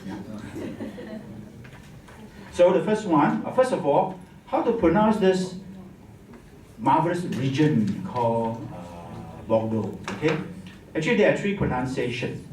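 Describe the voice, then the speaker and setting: A man's voice: fairly high pitch, sing-song, measured pace, pauses often, a little mellow, a little hiss or hum. A man teaching a wine masterclass, jokey and teacherly, tagging his lines with "huh?". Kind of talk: live masterclass talk. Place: hotel function room. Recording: echoey room, far from the mic.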